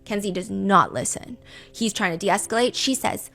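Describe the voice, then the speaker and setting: A woman's voice: mid-range voice, moderate pace, creaky, fairly bright tone, faint music behind. A woman hosting a true crime podcast, telling the story in an emphatic, chatty way full of asides. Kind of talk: casual storytelling narration.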